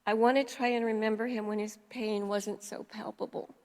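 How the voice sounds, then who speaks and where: Older woman delivering a eulogy in a memorial hall, heartfelt, measured, long reverb. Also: mid-range voice, little pitch movement, darkish tone. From New York. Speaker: eulogist, family friend.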